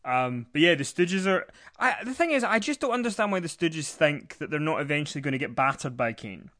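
A man's voice: a little high, lively intonation, brisk, fairly bright tone. A man co-hosting a casual recap podcast, rambling and joking with plenty of fillers. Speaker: podcast co-host. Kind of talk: casual chat recapping wrestling.

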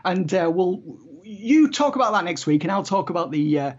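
Podcast co-host, breathy mid-pitched voice, wry and quick to laugh, muffled lo-fi sound. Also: lively intonation. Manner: wry, laughs often, opinionated. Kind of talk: casual podcast chat.

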